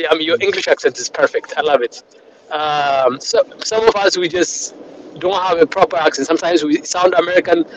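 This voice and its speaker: A man on a call, rambling with many fillers and restarts while he drives. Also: a little high. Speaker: panel participant. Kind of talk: casual discussion on a call. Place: in a moving car. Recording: noisy car call audio.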